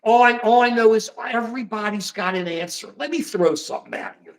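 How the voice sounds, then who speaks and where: A man's voice: high-pitched, fairly quick. American man, livestream host, casual rambling political chat, folksy slang. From United States.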